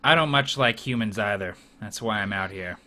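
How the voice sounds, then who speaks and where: A surly old druid who keeps to himself, played by a man, his voice dropped lower yet still bright. He talks in short, dry lines. This is from a tabletop game. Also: normal speed, slight background noise. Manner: dry and curt. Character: gruff old male druid hermit, unsociable.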